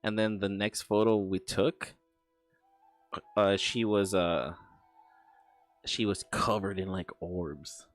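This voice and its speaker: A low-pitched man tells a story in a loose, profane way, tripping over his own words and starting sentences over. His voice is close and dry, with faint music playing underneath. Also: fairly even intonation, no room sound. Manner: profane, halting, many stammered restarts. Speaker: streamer. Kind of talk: casual storytelling while livestreaming.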